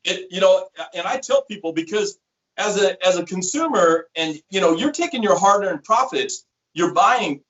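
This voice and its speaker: High-voiced guy telling a story all animated, slightly muffled sound. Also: normal speed. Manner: animated storyteller acting out quotes. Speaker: sales rep. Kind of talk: storytelling interview chat.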